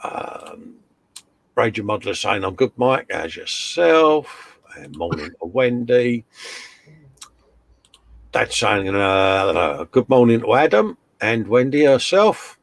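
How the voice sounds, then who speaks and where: Gravelly, matey man. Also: on the low side, big pitch swings, takes it slowly, pauses often. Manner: jokey, matey banter, calls everyone mate and fella. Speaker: co-host of a live modelling chat stream. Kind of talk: casual live-stream chat, reading out viewer comments.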